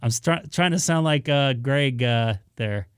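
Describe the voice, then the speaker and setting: Easygoing male streamer, mid-pitched, crisp clear voice, rambling talk to his viewers. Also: unhurried, no room sound, studio quality. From Southern California. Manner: rambling, many "uh" fillers, easygoing. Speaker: ham radio live streamer. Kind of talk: casual live-stream chat to viewers.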